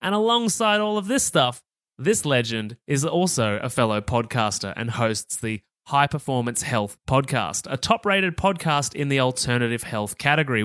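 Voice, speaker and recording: A man's voice: medium pitch, fairly bright tone, no echo. A man hosts a podcast, bubbly and talkative, laughing readily between sentences. His voice sits in a middle register, recorded close and dry with no room sound. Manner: upbeat, chatty, quick to laugh. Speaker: podcast host. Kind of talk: enthusiastic podcast interview.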